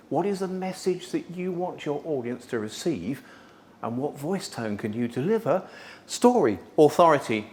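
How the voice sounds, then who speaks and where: A man around sixty coaches presentation skills, swinging from loud bursts to quiet, low asides. His voice sits in a middle register. A faint hiss lies under the recording. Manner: lively, dramatic shifts in tone and loudness. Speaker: public speaking coach. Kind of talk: presentation workshop with storytelling.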